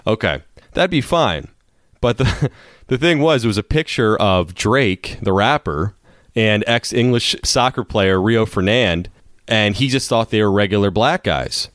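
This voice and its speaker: A man's voice: lowish voice, animated, measured pace, a bit bright, no echo, studio quality. Laughing, rambling male podcast co-host. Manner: rambling storyteller, laughs often. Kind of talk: casual sports podcast chat.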